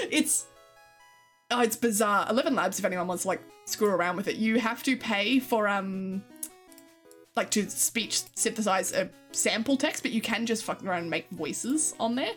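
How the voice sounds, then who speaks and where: With soft music in the background, a young female streamer talks casually to her live viewers at normal speed in a mid-range voice. She's over-the-top and expressive, cursing liberally and laughing often.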